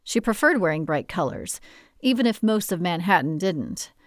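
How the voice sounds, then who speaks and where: A woman narrating a novel in an expressive, measured storytelling manner. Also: on the low side, no room sound, clean studio sound. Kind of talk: audiobook narration.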